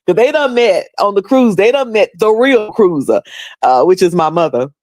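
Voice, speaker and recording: A woman's voice: mid-range voice, expressive, normal speed, a little mellow, dry recording, clean studio sound. A woman with a North Carolina accent chatting casually on her livestream, rambling with many fillers and restarts. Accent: Southern US, North Carolina. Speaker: livestream host.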